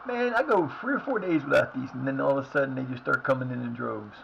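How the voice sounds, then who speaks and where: A man's voice: medium pitch, fast, gravelly, few pauses, lo-fi sound. Guy streaming a soccer game, voice jumps all over, cusses at his players, lil bit of hiss behind him. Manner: animated, swears, yells at the game. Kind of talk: live gameplay commentary.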